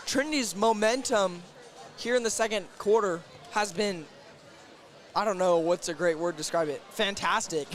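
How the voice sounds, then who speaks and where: A young man calling a high school basketball game play by play, getting excited and shouting on big plays. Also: normal speed. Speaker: play-by-play announcer. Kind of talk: sports commentary. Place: school gym. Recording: gym crowd and music behind.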